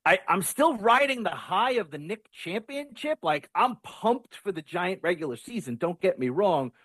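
A man talking sports casually and excitedly, often repeating words as he starts a thought. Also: sits high, moderate pace, slightly rough, no room sound. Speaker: sports radio guest.

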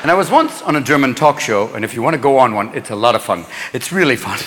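On a large theater stage, a male stand-up comedian performs a manic live routine, leaping in and out of wild character voices. His voice is medium-pitched, sing-song, and fast, with hall reverb and a loud crowd in the recording.

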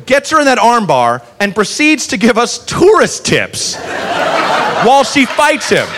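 A man telling a profane, animated story as a stand-up comedian, full of quick asides. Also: extremely high pitch, noisy background.

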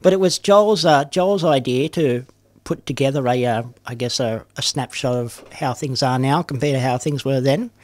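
A man's voice: mid-range voice, moderate pace. A man, a poet, talking about his work in an interview, with frequent ums and restarts. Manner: hesitant, lots of ums, restarts. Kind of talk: reading own poems and chatting in interview.

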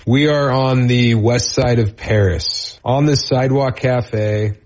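A man's voice: mid-range voice, slow pace. A man, a stand-up comedian, telling a rambling story on a podcast and acting out the voices of the people in it. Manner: rambling, animated, acts out voices in anecdotes. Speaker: comedian guest. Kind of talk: casual storytelling.

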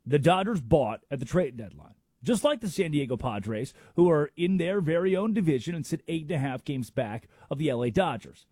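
A man's voice: fairly high pitch, lively intonation, normal speed, mellow, slightly rough, no echo, clean studio sound. A man hosting a sports talk radio show, making emphatic arguments with rhetorical questions.

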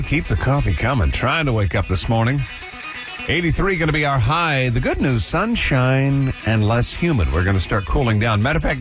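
A man hosting a morning radio show with chatty, jokey banter. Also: medium pitch. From Indiana.

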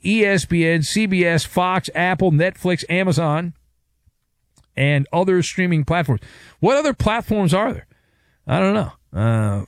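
A man's voice: on the high side, no echo, studio quality. A man hosting a sports talk radio show, giving a sarcastic, wisecracking monologue.

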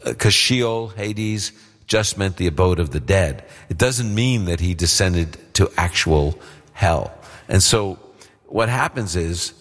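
Man, very low voice, long reverb, plainspoken Bible teacher for radio call-in Q&A. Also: lively intonation, slow, fairly bright tone. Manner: plainspoken, explanatory, checks for understanding.

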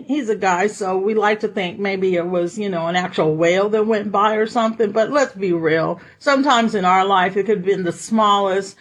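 A woman preaching a lively, conversational sermon and often laughing as she speaks. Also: mid-range voice.

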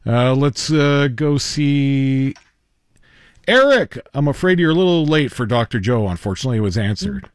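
A man hosting a call-in trivia radio show, upbeat and quick to laugh. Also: mid-range voice, no room sound, clean studio sound. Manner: upbeat, laughs easily, lively intonation.

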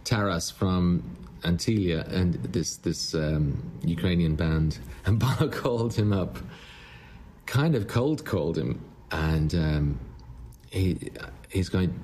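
A man, a musician, telling a story in an interview, halting and repeating words as he goes. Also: deep voice, animated, darkish tone, a little hiss or hum. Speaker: musician guest.

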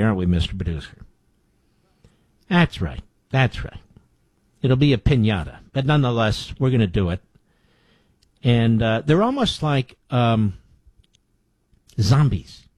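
A man hosting a call-in talk radio show, speaking emphatically, repeating points slowly and adding mocking asides. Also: mid-range voice, a little mellow, slightly rough, no room sound. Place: radio studio.

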